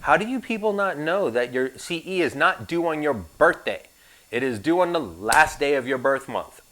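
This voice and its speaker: A man's voice: on the high side, expressive, normal speed, a bit bright, slight background noise. Sarcastic male insurance instructor. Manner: sarcastic, joking asides. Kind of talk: recorded classroom lecture.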